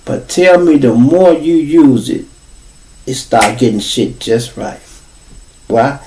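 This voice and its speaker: A man's voice: mid-range voice, slow, far from the mic, slight background noise, low-quality recording. A man with a Chicago accent hosting a podcast, telling a story in a loose, profane monologue and acting out the people he quotes. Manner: profane, animated, acts out quoted voices. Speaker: podcast host.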